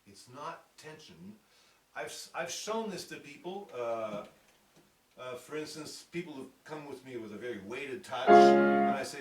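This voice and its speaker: A man's voice: medium pitch, lively intonation, unhurried. A man teaching piano technique in a lecture, speaking thoughtfully and acting out short quotes to make his points. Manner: thoughtful, demonstrates with acted-out quotes. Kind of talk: lecture presentation. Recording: roomy sound from a distance with piano.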